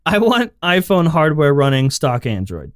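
A man's voice: fairly high pitch, very animated, moderate pace, no room sound, studio quality. A man giving heated, profane opinions in a casual podcast chat. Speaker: podcast co-host.

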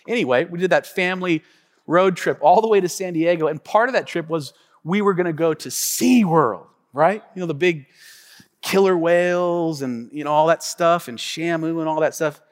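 A man preaching a sermon as a pastor, telling a story with animated energy and calling out to his congregation. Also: a little high, moderate pace. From Tacoma, Washington. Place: church sanctuary. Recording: long reverb of a church hall.

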